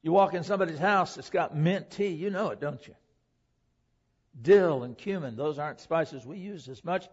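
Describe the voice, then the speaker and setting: A man delivers a church sermon, leaning on rhetorical questions and shifting emphasis. His voice sits a little high for a man. The recording sounds dull and lo-fi. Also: moderate pace, a little mellow, breathy edge. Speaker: preacher.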